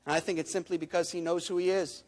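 A man's voice: sits high, level tone, fast, a little mellow, long reverb tail. A man preaching a sermon, emphatic, with repeated phrases and rhetorical questions. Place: church sanctuary.

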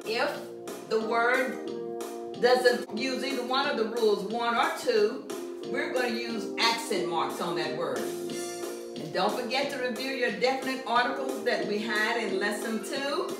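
Woman teacher, slow and deliberate, mic well off in a strongly echoing room. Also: on the high side. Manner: slow, deliberate, stresses syllables loudly; laughs at herself. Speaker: Spanish teacher. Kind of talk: classroom lesson at a whiteboard. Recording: roomy echo from far off, faint music.

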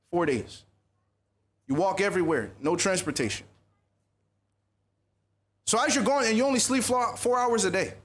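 A man speaking at a youth conference, telling a personal story in a lively, animated sermon style. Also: high voice. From USA.

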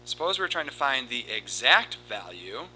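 A man teaching a recorded math lesson, explaining steps in a steady, explanatory way and reciting formulas in a rhythmic cadence. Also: mid-range voice, moderate pace, a little hiss or hum, rough recording. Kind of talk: recorded lesson with board work.

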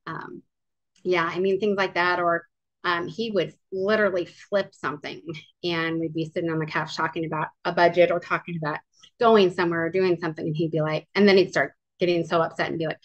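A woman's voice: fairly low pitch, steady tone, moderate pace. A young woman telling her own story as a guest in an interview, earnest and full of fillers and restarts. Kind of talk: casual interview, personal story. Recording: dull lo-fi sound.

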